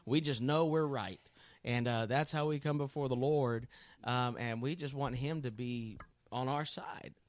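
A man's voice: mid-range voice, unhurried. Earnest man teaching scripture. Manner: earnest, folksy, thinking aloud. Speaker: Bible teacher. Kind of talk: conversational Bible teaching.

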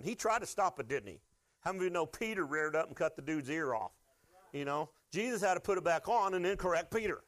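Man, pastor, sermon, fairly high voice, animated storytelling, talks straight to the congregation. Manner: animated storytelling preacher, addresses the congregation directly.

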